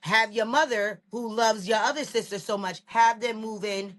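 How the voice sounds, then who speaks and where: A woman in her thirties co-hosting a podcast, talking in an animated, emphatic way. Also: a little high, normal speed. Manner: animated, emphatic, talks straight to people. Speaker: podcast co-host. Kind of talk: casual recap chat.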